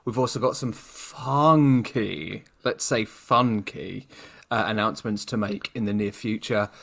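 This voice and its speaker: A man's voice: lowish voice, unhurried, gravelly, a bit bright. Chatty British man talking to listeners. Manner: chatty, addresses the listener directly. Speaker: podcast co-host. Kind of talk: casual chat.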